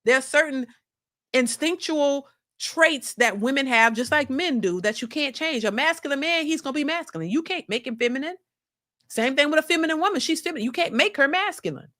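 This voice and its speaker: A woman's voice: high-pitched, animated, brisk, a bit bright. A woman host giving a blunt, opinionated commentary monologue to her viewers, full of casual slang and repeated points. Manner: blunt, preachy, addresses viewers as y'all. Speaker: reaction channel host.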